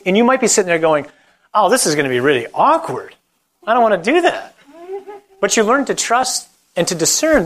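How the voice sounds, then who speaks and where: Priest preaching, lively and chatty, voice sits a bit high, acts out little quotes. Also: male voice, poor audio. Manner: animated, conversational preaching with acted-out quotes. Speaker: Catholic priest. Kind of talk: talk on evangelization, then closing prayer.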